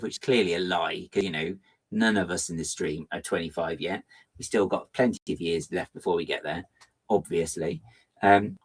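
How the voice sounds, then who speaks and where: Chatty man with a lively, low voice. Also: moderate pace. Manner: chatty, playful, self-mocking; lively, theatrical swings into high pitch. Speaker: LEGO building livestreamer. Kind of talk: casual livestream chat.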